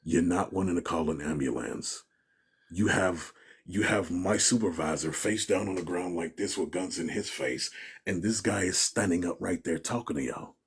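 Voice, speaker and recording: A man's voice: low voice, moderate pace, breathy edge. A man giving an interview, telling a story in a casual way and acting out what people said. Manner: animated storyteller, acts out quotes, laughs often. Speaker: interview guest.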